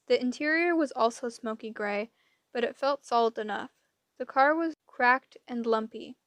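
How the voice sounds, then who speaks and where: A woman's voice: on the high side, dry recording, studio quality. A woman reading first-person audiobook narration with wry storytelling. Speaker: audiobook reader.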